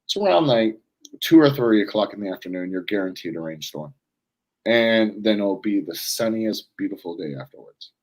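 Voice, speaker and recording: A man from Florida co-hosting a casual wrestling talk show, chatting in a relaxed, rambling way. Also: lowish voice, moderate pace, poor audio. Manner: laid-back, rambling, mimics voices in a hushed tone. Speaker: podcast co-host. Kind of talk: casual chat.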